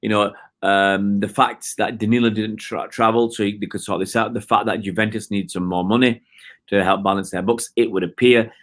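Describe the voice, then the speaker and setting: A man's voice: on the low side, steady tone, moderate pace. A middle-aged man from Oldham, hosting a live football fan stream, rambling and reading out viewer comments. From Oldham, England. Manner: rambling, reads out viewer comments, many restarts. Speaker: fan channel host. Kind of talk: live stream chat with fans.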